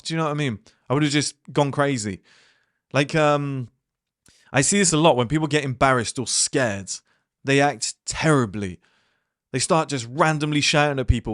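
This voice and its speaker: A man's voice: medium pitch, brisk, fairly bright tone, no echo, clean studio sound. A man in his thirties giving a casual motivational talk to his viewers, blunt and rambling, with plenty of swearing and fillers. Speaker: channel host.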